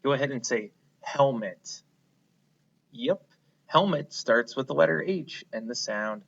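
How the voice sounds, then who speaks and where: A man's voice: medium pitch, lively intonation, measured pace, creaky, a bit bright, lo-fi sound. A man teaching a phonics lesson to young children, patient and encouraging, asking them to repeat words after him. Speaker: kindergarten teacher.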